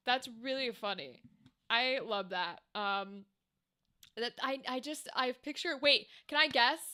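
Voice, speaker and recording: A young woman with a high-pitched, bright voice, talking casually to her stream audience. She rambles from thought to thought with plenty of swearing. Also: clear, resonant tone. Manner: rambling, animated, swears freely. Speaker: streamer chatting with viewers. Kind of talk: casual live-stream chat while gaming.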